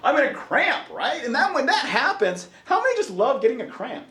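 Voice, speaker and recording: A man's voice: very high-pitched, a little fast, reverberant. A man lecturing a college class with jokes and questions thrown to the students. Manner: animated, jokey, asks the class questions.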